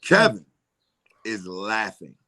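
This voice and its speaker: A man's voice: lowish voice, slow. A middle-aged man, a comedian telling stories in a casual interview, acting out voices and laughing often. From Philadelphia, USA. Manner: animated storyteller, acts out voices, laughs often. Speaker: comedian guest.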